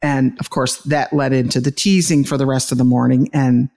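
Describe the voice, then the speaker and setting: Middle-aged woman, gravelly, emotional storytelling, nervous laughs, restarts. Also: very deep voice, fairly even intonation, moderate pace, darkish tone. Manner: emotional, laughs through grief, many restarts. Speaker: guest, bereaved mother and author. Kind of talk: conversational interview storytelling.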